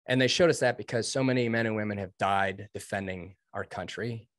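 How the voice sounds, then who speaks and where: A man's voice: fairly low pitch, brisk, a bit bright, dry recording, studio quality. A man in his thirties telling a personal story in an interview, earnest and emphatic. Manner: earnest, emphatic, quotes himself and others. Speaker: guest, Navy veteran.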